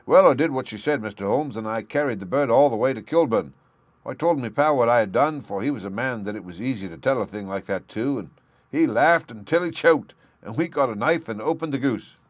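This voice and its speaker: A man's voice: mid-range voice, animated, fairly quick, no echo, close to an everyday voice. A man reading aloud plays a frightened young thief pouring out a pleading confession, his voice raised and urgent. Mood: anguished.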